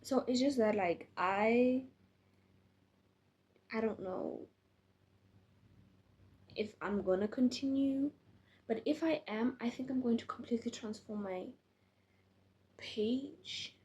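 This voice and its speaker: A woman's voice: a little high, slow, long pauses, a little mellow. A tired young woman talking casually to camera as a faith vlogger, earnest and encouraging, with frequent restarts. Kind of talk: casual direct-to-camera talk.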